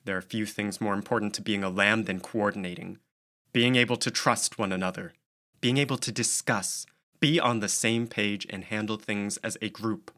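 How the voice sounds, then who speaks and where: A man's voice: on the low side, measured pace, long pauses. A man reading an audiobook, voicing a young woman who speaks firmly with no anger in her voice. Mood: cold. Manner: flat and firm, without anger. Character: cold, calm girl, firm and unemotional.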